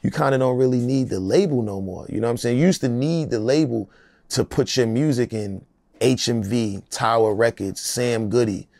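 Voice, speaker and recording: A middle-aged man, a rapper, speaks in an interview with a gravelly, rough edge to his voice. He talks in a loose, emphatic, streetwise way. The sound is dry and close-miked. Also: medium pitch, normal speed, warm tone, dry recording. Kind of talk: casual interview talk.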